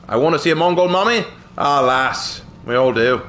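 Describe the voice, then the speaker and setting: A man's voice: on the high side, expressive, fairly quick, a bit bright. A man hamming up a blustering mock-British brawler. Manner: exaggerated put-on British bluster, mocking and boisterous. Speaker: gaming streamer. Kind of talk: hammy in-character gameplay commentary.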